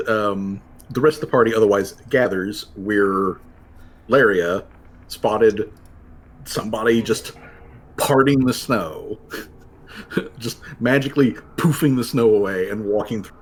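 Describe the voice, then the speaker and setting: A man's voice: lowish voice, takes it slowly, breathy edge. A man running a tabletop game as game master, narrating in a rambling, casual way. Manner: rambling, full of fillers and laughs.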